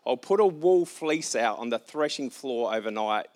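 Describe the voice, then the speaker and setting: A man's voice: lively intonation, moderate pace, close to an everyday voice. A man voicing an anxious, doubting young male hero in a retold scripture story, pleading and raising his voice. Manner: pleading, higher and louder than his own voice.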